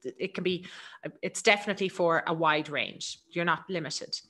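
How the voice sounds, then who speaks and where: A middle-aged woman with an Irish accent giving a quick, chatty business webinar presentation. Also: on the low side, a bit bright. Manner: fast, chatty, laughs easily.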